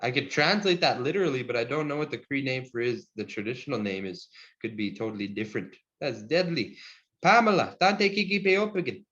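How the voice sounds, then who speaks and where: A man teaching a Cree language class over a video call, friendly and encouraging, chuckling often and slowing down to model each word. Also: mid-range voice, animated, a bit bright. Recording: dull lo-fi video call audio.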